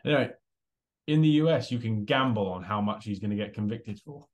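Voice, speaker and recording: A man's voice: lowish voice, brisk. A young man, co-hosting a casual podcast and telling a story with lots of laughs and acted-out quotes. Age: young adult. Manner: animated storyteller, laughs often, acts out quotes. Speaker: podcast co-host. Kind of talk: casual chat.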